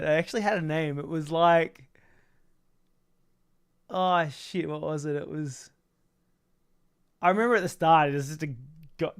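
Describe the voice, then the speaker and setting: Male streamer, 30s, slightly high pitch, loose and crude, laughs a lot, off-the-cuff chat while building. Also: clear, resonant tone. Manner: rambling, crude and joking, laughs often. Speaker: streamer building a toy kit. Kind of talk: casual livestream chat.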